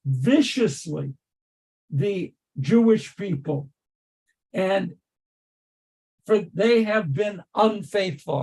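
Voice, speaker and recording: A man's voice: high-pitched, darkish tone, slightly rough. An older man, a rabbi, leading a text study class over a video call, emphatic and repeating key phrases as he calls on students. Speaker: rabbi teaching Torah study.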